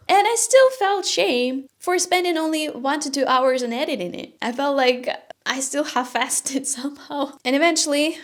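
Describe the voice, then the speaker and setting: A young woman talking candidly to camera in a personal vlog, emotional and close to tears, laughing nervously between sentences. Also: a little high. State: close to crying. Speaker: vlogger.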